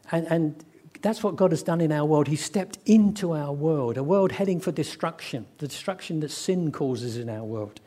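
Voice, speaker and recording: A man preaching a sermon, telling stories and acting out the voices of people in them, slowing down for emphasis. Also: a little high, warm tone, husky. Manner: storytelling, acts out quoted voices, slows for emphasis.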